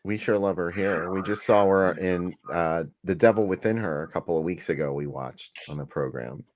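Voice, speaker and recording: A man's voice: sits low, moderate pace. A man hosting a casual chat, laughing often as he tells stories. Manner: chatty, laughs often, storytelling. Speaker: host.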